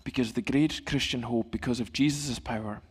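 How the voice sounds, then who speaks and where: A middle-aged male pastor giving a sermon in a church, in a calm, gentle, conversational way. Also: mid-range voice, moderate pace, breathy edge.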